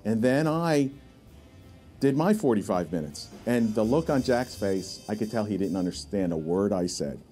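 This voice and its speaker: A man recounting a personal story in a documentary interview, with halting restarts. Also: lowish voice, animated, dark tone, faint music behind. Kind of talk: reflective storytelling.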